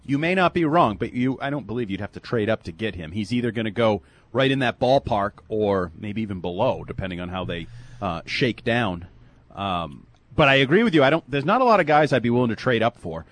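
A man co-hosts a loose sports talk show in a slightly husky voice. His pitch swings widely as he trades blunt opinions. He breaks into laughter often. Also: lively intonation, brisk, dry recording. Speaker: co-host.

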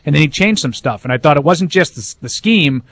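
A man's voice: fairly high pitch, animated, a little fast, fairly bright tone, dry recording. A man giving blunt football opinions on a postgame radio show in a studio. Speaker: football analyst.

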